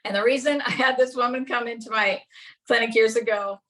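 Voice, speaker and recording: A woman's voice: a little high, steady tone, fairly quick, fairly bright tone. A middle-aged woman giving a casual class talk, chatty and anecdotal, often laughing as she tells her own story. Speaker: class presenter.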